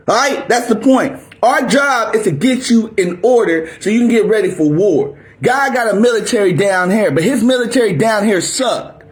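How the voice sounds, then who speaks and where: A male preacher delivering a fiery sermon at the top of his voice. His delivery is aggressive and confrontational, like a drill sergeant barking orders at recruits. The voice sits a little higher than usual for a man. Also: lively intonation, moderate pace. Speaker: preacher teaching scripture.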